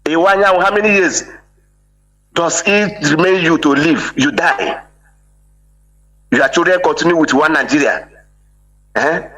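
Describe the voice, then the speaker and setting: An emphatic man speaks on a live call-in, keeping his pitch a little high and his tone bright and forceful. He keeps tossing in "eh?" to press his point. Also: a little slow, long pauses, low-quality recording. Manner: emphatic, repeats "eh?" for agreement. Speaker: caller. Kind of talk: impassioned call-in speech.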